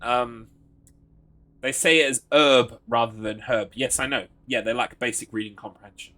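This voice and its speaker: Bright-voiced British man streaming a game. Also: mid-range voice, brisk. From Britain. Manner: reads item text aloud, mocks and jokes with chat. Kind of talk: casual game commentary.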